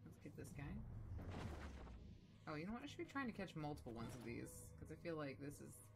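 A young adult woman chatting casually with viewers while playing a video game, animated and quick to exclaim. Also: deep voice, creaky, over loud music. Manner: animated, shrieks when excited, drops soft when focused. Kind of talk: casual let's-play commentary chatting with chat.

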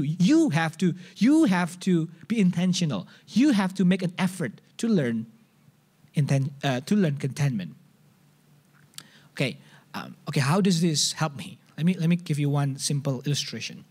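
A man with an Indonesian accent preaching a sermon at a church service, conversational and animated, often restarting and acting out examples. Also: on the high side, moderate pace, husky. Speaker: pastor.

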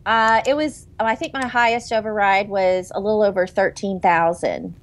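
A woman's voice: medium pitch, moderate pace. Earnest motivational woman on a video call. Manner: earnest, rambling restarts, motivational. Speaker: sales consultant, panelist. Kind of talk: casual testimonial chat.

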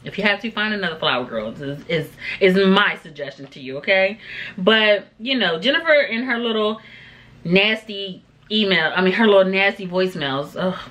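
Chatty woman reviewer with a bright tone, sassy, filler-heavy episode recap. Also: medium pitch, lively intonation, normal speed. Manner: chatty, with many fillers and asides; sassy, talks back to the people on the show. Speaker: TV show reviewer.

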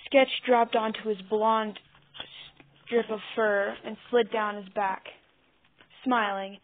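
Slow, stumbling woman reading a story. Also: on the high side, level tone. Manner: halting, stumbling over words and restarting. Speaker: narrator. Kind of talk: reading her own fan fiction aloud. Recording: tinny phone-like mic.

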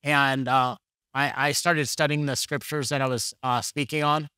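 A man's voice: mid-range voice, flat delivery, moderate pace, pushed and bright, clean tone, no echo, studio quality. A man preaching a conversational sermon, telling candid, jokey stories and acting out the dialogue. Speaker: pastor.

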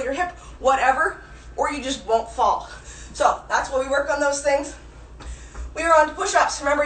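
A woman's voice: high-pitched, a bit bright, slight background noise. A woman fitness instructor leading a live-streamed workout class, counting reps aloud and cueing form, out of breath at times. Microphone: phone camera at a distance. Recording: echoey room voice from a distance.

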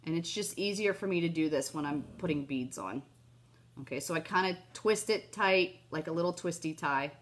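A woman's voice: sits low, normal speed, slight background noise. A chatty woman walks viewers through a craft project in an upbeat, gushing way. She keeps turning to her audience as she works, and a cough catches her now and then. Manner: gushing, chatty, keeps saying "you guys" and "oh my gosh". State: has a cough. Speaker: craft video host. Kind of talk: casual crafting tutorial.

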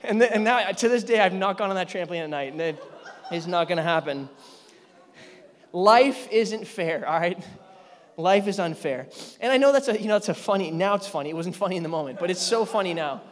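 A man in his thirties, a pastor preaching a sermon, telling a story with lively energy, sometimes yelling and laughing. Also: high voice, fast talker. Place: large church hall. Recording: church hall reverb.

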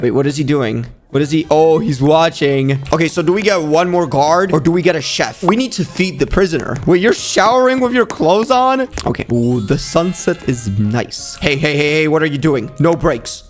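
A man hosting a playful game commentary video, acting as a bossy prison cop and jumping into high yelps when he panics. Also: moderate pace, hardly any pauses, faint music behind. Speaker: gaming video host. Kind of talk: playful let's-play commentary.

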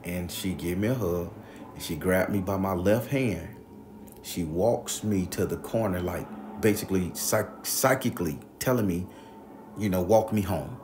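A man casually telling a personal ghost story in a rambling, profane, animated way. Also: low-pitched, unhurried, background noise.

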